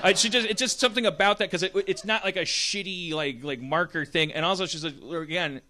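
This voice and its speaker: A man's voice: high voice, a little fast, pushed and bright. A man in his forties hosting a podcast, talking in a rambling, stammering way with many restarts. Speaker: podcast host. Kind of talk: casual comedic chat.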